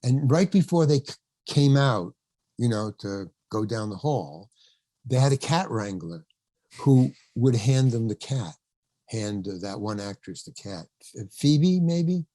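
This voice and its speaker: A man's voice: medium pitch, expressive, measured pace, mellow, no echo. Older guy spinning a showbiz yarn, laughs a lot, does the voices, dry close mic. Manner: rambling storyteller, acts out quotes, laughs often, swears. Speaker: actor guest. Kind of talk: anecdote in podcast interview.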